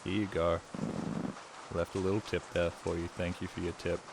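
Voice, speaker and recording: A young man streaming games at home, rambling through crude stories and deadpan jokes into a desk mic. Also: sits low, normal speed, gravelly, background noise. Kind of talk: casual gaming stream chat.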